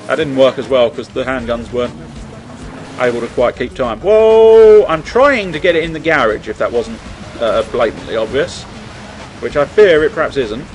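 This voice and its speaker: A man's voice: medium pitch, moderate pace, slight background noise. A young man giving jokey, chatty commentary over a video game, humming tunes along as he plays. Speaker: let's play host. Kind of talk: casual gameplay commentary.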